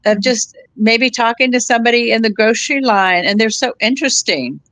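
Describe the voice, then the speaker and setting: Speaking fairly quickly in a fairly high voice, a guest in her seventies chats casually and shares personal stories. She's a warm storyteller who laughs easily and restarts phrases often; the audio has no echo.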